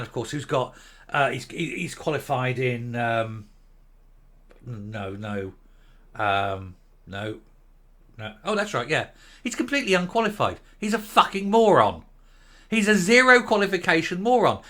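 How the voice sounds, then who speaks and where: A man's voice: a little high, sharp tone. An older man delivering a profane, scornful, sarcastic political rant for his video channel. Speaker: vlogger.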